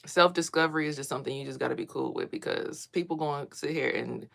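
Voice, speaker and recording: A woman vlogger telling personal stories casually, lively and swearing freely as she acts out what others said. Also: sits low, fast talker, vocal fry.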